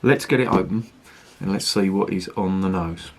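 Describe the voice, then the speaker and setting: A man's voice: low voice, moderate pace, gravelly, noisy background. A man reviewing beer in a rambling, chatty and sweary way. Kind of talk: casual review chat.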